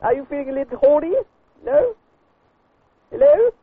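A man putting on a high, breathy voice as a goofy male prank caller on a phone call. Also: very animated, moderate pace, heavily acted. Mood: teasing. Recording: tinny phone line.

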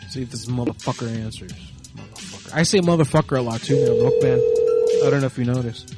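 A man's voice: mid-range voice, quick pace, over loud music. A man hosting crude prank calls, talking in a laid-back, profane drawl. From Tennessee. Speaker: prank call radio host. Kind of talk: crude prank call comedy.

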